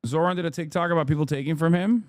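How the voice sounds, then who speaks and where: A man in his thirties reacting to clips as a streamer, talking casually and shouting in mock outrage. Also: on the high side, very fast, soft background music.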